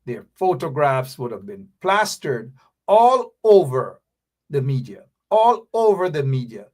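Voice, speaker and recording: A man's voice: very animated, unhurried, a little mellow. A man hosting an opinionated live commentary show, emphatic and repeating his points. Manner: emphatic, repeats phrases, mock-sings, drops into low mutters. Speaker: talk show host.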